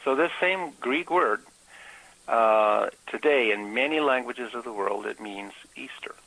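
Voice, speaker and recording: Male Bible teacher, informal talk, bright gravelly tone, pauses a lot to think. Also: medium pitch, dry recording, low-quality recording. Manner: explanatory, with frequent filler pauses.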